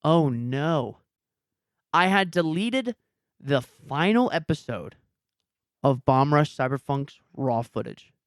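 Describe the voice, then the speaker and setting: A man's voice: fairly high pitch, animated, slow, long pauses, dry recording, clean studio sound. A young man hosting a podcast, telling a story in a casual way and acting out his own reactions. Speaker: podcast host and YouTuber. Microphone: headset.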